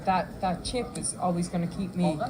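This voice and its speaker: A woman's voice: lowish voice, steady tone, moderate pace, crowd noise. A woman being interviewed, confident and playful in her answers. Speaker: interviewed wrestler.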